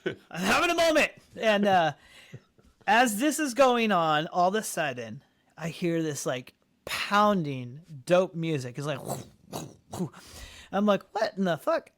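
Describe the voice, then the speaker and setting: Animated high-voiced man telling a story. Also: takes it slowly. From Colorado, United States. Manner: animated, acts out quotes with big pitch jumps. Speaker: podcast guest. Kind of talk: casual storytelling interview.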